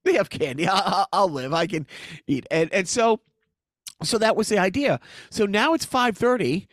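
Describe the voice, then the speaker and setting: A middle-aged man with a high, light voice tells a long story in casual conversation. He laughs often and slips into lively quoted voices. The sound is close and dry. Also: normal speed, no room sound. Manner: animated, laughing, acts out quotes. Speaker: comedian.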